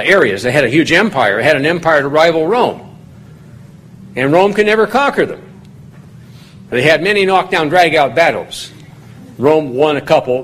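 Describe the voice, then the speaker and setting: A pastor leading a Bible study gives a conversational sermon at a medium pitch, relaxed and rambling as he chats through a passage's background. His folksy, digressive manner gives way to a higher, louder voice whenever he reads the verses aloud. A faint hum of room ambience sits behind him.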